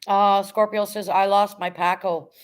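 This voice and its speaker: A woman's voice: medium pitch, little pitch movement, a little slow. A middle-aged woman hosting a casual livestream from home, reading viewer comments aloud and thanking them in a chatty way. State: emotional, near tears when talking about her late dog. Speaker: livestream host reading chat.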